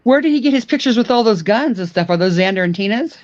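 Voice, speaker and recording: A man chatting as a guest on a livestream, halting and restarting his words as he talks. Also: high-pitched, lively intonation, darkish tone, dull audio. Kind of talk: casual chat.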